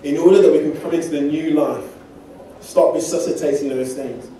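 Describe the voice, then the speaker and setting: Speaking to his congregation, an Englishman preaches through loosely told personal stories, poking fun at himself along the way. The voice is slightly high yet mellow and dark, steady in tone and a little fast. Because the mic sits at a distance, the church hall echoes, and there's slight background noise.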